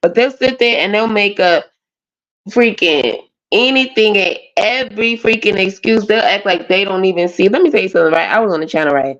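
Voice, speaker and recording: A woman's voice: mid-range voice, brisk, fairly bright tone. A woman, ranting bluntly and profanely as a panelist on a live stream. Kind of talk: casual rant on a live panel. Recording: dull lo-fi stream audio.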